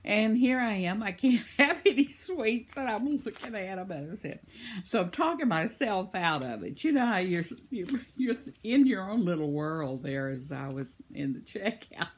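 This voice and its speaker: An older American woman vlogger rambles through an everyday story in a chatty way, laughing often. Her medium-pitched voice is expressive and moves at a normal speed, with a little hiss or hum in the audio.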